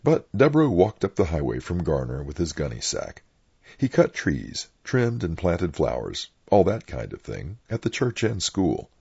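A deep, gravelly older man tells frank, opinionated stories from his parish days, his pitch swinging widely as he goes. His voice is husky. It sits on a dull, lo-fi oral history recording. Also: wildly swooping pitch, normal speed, a little mellow. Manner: blunt, opinionated storyteller.

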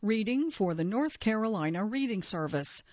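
A woman reading a magazine story aloud for a reading service in a plain, measured way. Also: mid-range voice, animated, darkish tone, no echo. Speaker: volunteer reader for a reading service. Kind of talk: scripted narration of a magazine story. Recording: dull dry broadcast recording.

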